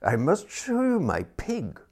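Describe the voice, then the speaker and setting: A man's voice: high voice, huge pitch swings, a little slow, a little mellow, husky, pitched above the performer's own voice, full character voice. A man voicing a vague, kindly elderly earl who talks eagerly and fussily. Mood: cordial. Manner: eager, fussy, rambling.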